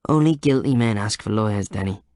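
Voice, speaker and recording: A man reading as a cool, low-key detective in an audiobook. He speaks softly and curtly, somewhat lower than the narration, in a dry, close voice. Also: a little fast, no room sound, lightly acted. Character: second male detective, calm and cool.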